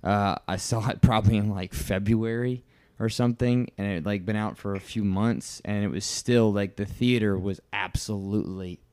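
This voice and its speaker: A man co-hosting a podcast in casual chat, chiming in with quick remarks. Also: fairly low pitch, steady tone, a little mellow, smooth, dry recording. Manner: chatty, quick interjections. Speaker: podcast co-host.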